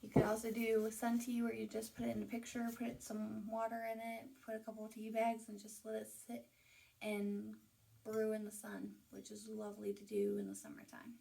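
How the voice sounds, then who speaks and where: A woman's voice: on the high side, normal speed, gravelly, warm tone, recorded from a distance. A woman hosting a casual home vlog, talking chattily and enthusiastically at home as she shows things off. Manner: chatty, enthusiastic, with fillers and asides. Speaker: host. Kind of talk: casual home vlog, showing items to camera. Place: at home, indoors.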